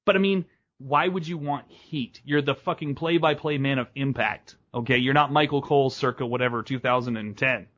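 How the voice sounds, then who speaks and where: A man's voice: mid-range voice, fairly bright tone, highs cut off. A man hosting a wrestling podcast in casual chat, rambling and swearing, laughing often. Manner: profane, rambling, quick to laugh. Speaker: podcast host.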